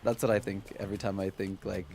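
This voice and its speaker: Deep-voiced and fast, with vocal fry and little pitch movement, this man talks over a noisy background while streaming a game. His casual commentary rambles along, heavily peppered with "like," as he addresses chat mid-play.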